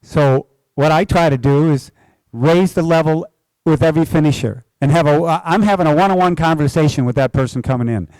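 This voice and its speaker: A man's voice: on the high side, fairly quick, no echo, rough recording. An older man, a race announcer, telling stories to a club audience and acting out the dialogue as he goes. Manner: animated storyteller acting out both sides of dialogue. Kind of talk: storytelling talk. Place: indoor club event.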